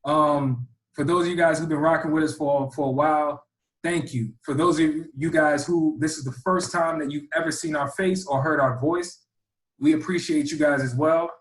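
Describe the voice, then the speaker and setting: A man's voice: fairly high pitch, fairly even intonation, moderate pace. A man co-hosting a podcast in casual chat, teasing his friend in playful banter. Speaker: podcast co-host. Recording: echoey room.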